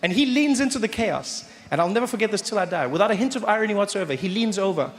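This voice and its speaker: A man's voice: high-pitched, quick pace. A man in his thirties with a South African accent telling a stand-up story, acting out the people in it. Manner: animated storytelling, acting out characters with shifting voices. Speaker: stand-up comedian. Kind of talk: stand-up comedy set. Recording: echoey stage with audience noise.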